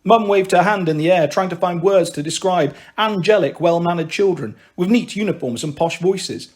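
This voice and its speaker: A man narrating a children's novel aloud in an expressive, animated way. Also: high-pitched, moderate pace. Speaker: storyteller. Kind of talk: audiobook reading.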